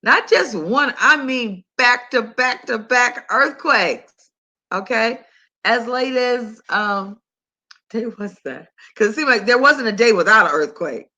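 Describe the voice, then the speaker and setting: An older woman hosting a health talk, telling a story in a chatty, animated, conversational way. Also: a little high, takes it slowly. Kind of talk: casual monologue to listeners.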